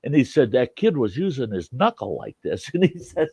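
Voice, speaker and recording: An older man tells a homespun story in a gravelly voice, his pitch rising and falling freely as he chuckles along. His grammar is loose and country. The recording is dull and lo-fi, with a dry, close sound. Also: very animated, normal speed, dark tone, no room sound. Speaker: storytelling host. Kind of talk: casual spoken storytelling.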